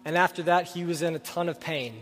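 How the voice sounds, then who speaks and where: A man's voice: on the high side, steady tone, a little fast, a bit bright. A man preaching a sermon in a church, telling a story earnestly and asking his listeners direct questions before leading a prayer. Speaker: pastor. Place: church sanctuary. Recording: reverberant hall with faint music.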